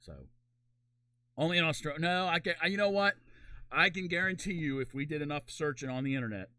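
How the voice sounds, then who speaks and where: A man's voice: fairly high pitch, pushed and bright, clean tone, no echo, studio quality. A middle-aged man co-hosting a casual comedy talk show, rambling and joking with many laughs. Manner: rambling, jokey, quick to laugh. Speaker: podcast co-host.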